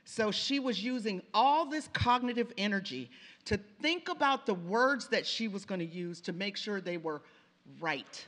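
A woman's voice: medium pitch, animated, unhurried, a bit bright. A woman from the Pacific Northwest giving a conversational presentation, telling stories and turning to the audience with asides. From Pacific Northwest of the United States. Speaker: lecturer on language and reading. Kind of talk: conference presentation. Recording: reverberant lecture hall.

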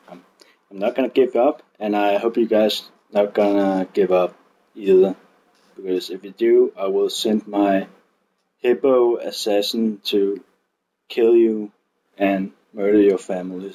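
A man's voice: lowish voice, a little mellow, slight background noise, poor audio. A man with a non-native English accent, chatting casually in a vlog, joking and rambling with lots of fillers and swearing. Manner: joking, rambling, profane, with frequent fillers and restarts. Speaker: miniature painting vlogger.

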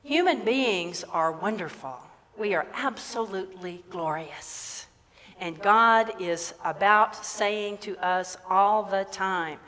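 A woman's voice: mid-range voice, slow pace, a bit bright. A woman minister giving a sermon, emphatic, repeating her phrases and asking the congregation questions. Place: church sanctuary. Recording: long church reverb.

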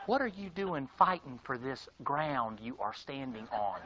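A man preaching a fiery, folksy sermon. He mocks his listeners and swings between shouting and hushed tones. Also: mid-range voice, animated, measured pace, poor audio.

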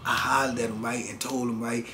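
A middle-aged man recounts a prison story as an interview guest. He talks in easy street slang at a mid pitch, dropping "man" and "you know what I'm saying" into nearly every line. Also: level tone, fairly quick, pushed and bright, slight background noise.

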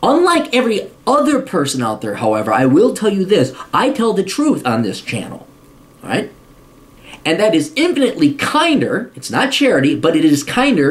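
A man giving blunt, profane advice to a viewer, swearing heavily and repeating his points for emphasis. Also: high-pitched. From United States. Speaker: host answering a viewer question. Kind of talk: profane advice rant to camera.

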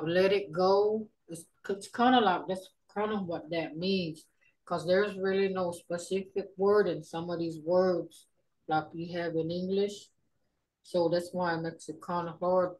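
A middle-aged woman teaching a casual online language class over a video call, unhurried and folksy, thinking aloud with many ums. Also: lowish voice, rough recording.

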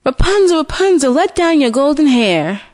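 A woman's voice: on the high side, big pitch swings, measured pace, darkish tone, no room sound, clean studio sound. A woman voicing a devoted young prince in her own voice, speaking hesitantly and repeating words. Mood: calling.

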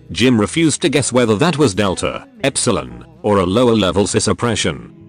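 Deep-ish synthetic male narrator, steady story reading. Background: faint background music.

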